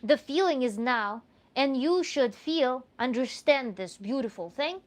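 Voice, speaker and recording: A tantra coach with a Russian accent answers viewer questions, her voice sitting a little high. She speaks at a measured pace in an animated, earnest way, restarting phrases as she works out her thoughts.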